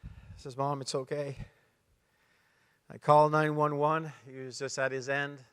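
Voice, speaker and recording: A middle-aged Canadian man speaking as a conference speaker, telling a personal testimony with emotional pauses and restarts. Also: a little high, flat delivery, fairly bright tone, clear, resonant tone. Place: large conference hall. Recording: long hall reverb.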